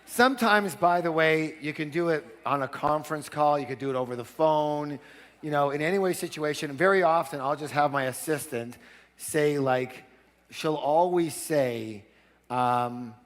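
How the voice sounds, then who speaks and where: A man giving a live negotiation seminar, energetic and commanding, prompting the audience to answer. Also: a little high, normal speed, big-room sound.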